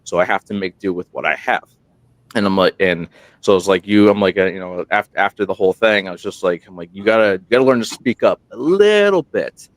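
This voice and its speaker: A man on a podcast, a guest who hosts his own show, telling stories in a rambling, animated way and acting out quotes, sounding tired at night. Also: sits low, fairly quick, no room sound. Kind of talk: casual interview storytelling. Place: remote room while on military deployment. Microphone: single portable microphone.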